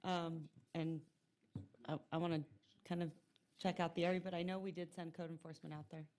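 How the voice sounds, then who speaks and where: A woman's voice: on the low side, level tone, a little fast, darkish tone, slight background noise. Polite woman mayor chairing a meeting. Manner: polite, reassuring, hesitant fillers. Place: city council chamber.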